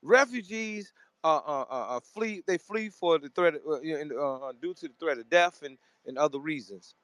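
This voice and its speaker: A man from Memphis hosting a live online audio discussion, talking forcefully and repeating words as he cuts in to correct others. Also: on the high side, animated, normal speed, dry recording. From Memphis, Tennessee. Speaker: host of a live audio room.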